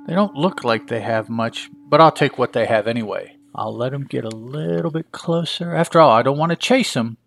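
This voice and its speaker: A man's voice: medium pitch, normal speed, vocal fry, hardly any pauses, a bit bright. Man voicing a boastful dog bandit. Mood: musing. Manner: boastful, talking to himself. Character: scheming male dog bandit, lazy and boastful.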